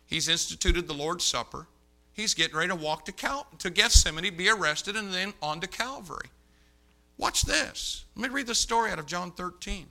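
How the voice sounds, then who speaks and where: A male pastor preaching a sermon, telling stories with animated dialogue and repeating his key points for emphasis. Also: high voice, normal speed, creaky. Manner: animated storyteller, acts out dialogue. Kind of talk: sermon with storytelling.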